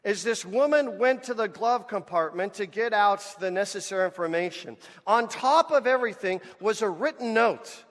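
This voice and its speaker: A man preaching a sermon as pastor, animated and speaking to the congregation as folks. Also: high-pitched, moderate pace, hardly any pauses. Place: church sanctuary. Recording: church hall with long reverb.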